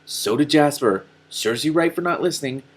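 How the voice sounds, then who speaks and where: A man's voice: on the high side, expressive, normal speed, husky, voice pushed up. A man voicing a sardonic, unsympathetic talking cat with a dry, cutting manner.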